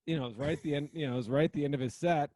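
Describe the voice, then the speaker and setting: A comedian and podcast co-host bantering and telling stage anecdotes in casual chat. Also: male voice, a little high, very fast, darkish tone, no echo. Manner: laughing, enthusiastic reactions and anecdotes.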